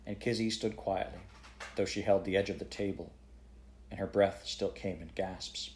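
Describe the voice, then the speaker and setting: A man reading a children's book aloud to a child at bedtime in a steady, expressive way. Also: deep voice, normal speed.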